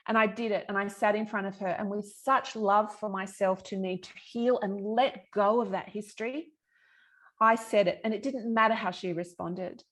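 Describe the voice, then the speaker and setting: A woman's voice: mid-range voice, fairly even intonation, normal speed, a bit bright. A middle-aged woman, a guest on a podcast, telling her personal story in an earnest, emphatic way with frank swearing. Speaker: podcast guest, yoga teacher and healer. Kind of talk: candid personal storytelling in conversation.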